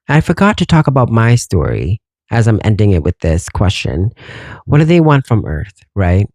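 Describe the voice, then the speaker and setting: A man's voice: mid-range voice, a little mellow, no room sound. A man around forty hosting a podcast, telling a story in a casual, rambling way, swearing freely and wondering aloud. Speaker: podcast host.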